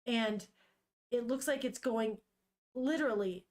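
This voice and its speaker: A woman's voice: a little high, a little slow. A woman streaming as she reads manga, chatting casually and animatedly, swearing freely and thinking aloud. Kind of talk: casual chat.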